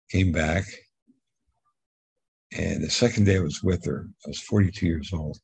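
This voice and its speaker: A man's voice: rumbling low, darkish tone, husky, no room sound. A middle-aged man telling a long personal story in a casual interview, rambling and repeating words as he goes. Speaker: guest telling his life story.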